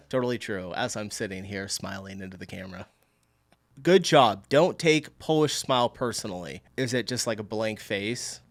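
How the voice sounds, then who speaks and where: A man's voice: fairly low pitch, animated, normal speed, no room sound. A man from the United States hosting a reaction video, chatting casually, laughing often and reading comments aloud.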